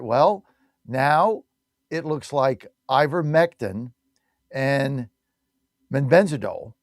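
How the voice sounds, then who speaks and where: A man's voice: on the high side, darkish tone, no echo, clean studio sound. A man hosting a talk radio show, delivering an opinionated monologue in a combative, mocking and blunt way.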